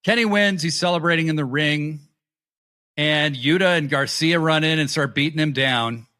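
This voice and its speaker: A man co-hosting a wrestling podcast, his voice bright and a touch higher than most. He recaps matches with excitement, swearing freely and acting out the wrestlers' lines in casual chat. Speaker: podcast co-host.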